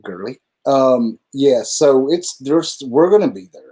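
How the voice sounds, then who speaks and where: A man's voice: medium pitch, lively intonation, unhurried, warm tone, husky. A man co-hosting a casual live stream, talking in a loose, rambling way and swearing freely. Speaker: livestream co-host.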